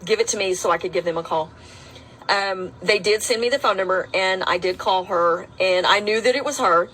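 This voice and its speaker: A woman's voice: medium pitch, fairly quick, fairly bright tone, a little hiss or hum, rough recording. A woman, a rideshare driver, tells her own story to camera in a matter-of-fact, defiant way.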